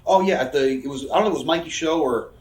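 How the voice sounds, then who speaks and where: A man's voice: fairly high pitch, rapid-fire, distant mic. A man, telling rambling, profane backstage stories in a casual interview. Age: 30s. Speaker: interview guest, wrestler. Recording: echoey room, off-mic.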